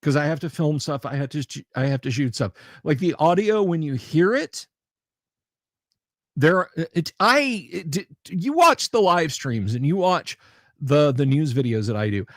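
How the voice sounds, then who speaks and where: A man hosting a casual livestream chat, talking in a halting way with lots of pauses and restarts, and often repeating himself for emphasis. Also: on the high side, animated, no echo, clean studio sound. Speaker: livestream host.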